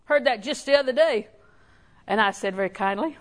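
A woman's voice: high-pitched, expressive. Folksy older woman preaching. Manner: folksy, storytelling with laughs, slow emphatic repetition. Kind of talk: sermon.

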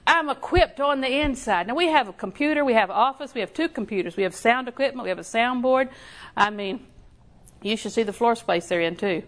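An older woman preaching a sermon in a folksy, storytelling way, with slow emphatic repetition. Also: on the high side, lively intonation, a bit bright.

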